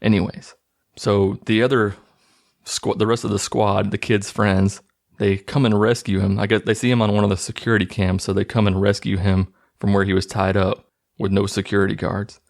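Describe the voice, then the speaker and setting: A man with a lowish, gravelly voice talks through a movie's plot in a casual, sarcastic way. He sounds incredulous and amused as he mocks the story. The fry in his voice gives it a rough texture. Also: flat delivery, moderate pace. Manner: mocking, incredulous, loose. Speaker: movie recap host.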